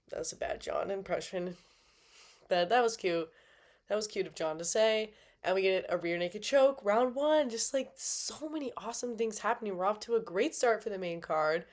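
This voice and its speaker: A woman chats through a fight-night recap in a bubbly, playful way. She talks at a middle pitch for a woman and plays up the drama with slangy asides. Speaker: MMA fan reviewer. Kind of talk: casual recap commentary.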